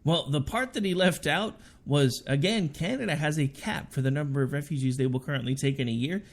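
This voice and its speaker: A man's voice: fairly high pitch, a little fast. A man co-hosting a radio talk show, arguing his political views in a sarcastic, argumentative way. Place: radio studio.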